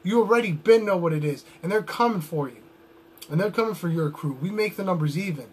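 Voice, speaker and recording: A man's voice: high-pitched, brisk, a little hiss or hum. A young adult man cutting a wrestling promo with boastful, trash-talking swagger.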